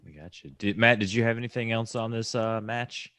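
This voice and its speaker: A man's voice: fairly low pitch, a little fast, fairly bright tone, clean tone. A man hosting a podcast, laid-back and keeping the talk on track. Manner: steering the conversation, laid-back. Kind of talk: casual podcast chat.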